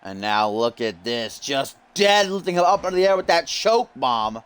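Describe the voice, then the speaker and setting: A man doing jokey play-by-play commentary over a wrestling video game, bursting into yells at big moves. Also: mid-range voice, moderate pace, smooth. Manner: jokey, yells in sudden excitement.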